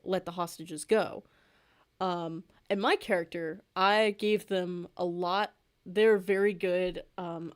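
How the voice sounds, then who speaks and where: A woman in her twenties, chatting casually and rambling with lots of fillers while she draws on a livestream, easily amused. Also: mid-range voice. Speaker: streamer and artist.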